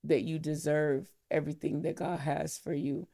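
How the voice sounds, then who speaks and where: A middle-aged woman hosting a podcast, speaking slowly and tenderly in a heartfelt spiritual talk, close to the mic and near tears. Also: deep voice, fairly even intonation, creaky, mellow, no room sound. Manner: slow, tender, emotional blessing. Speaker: podcast host, mentor.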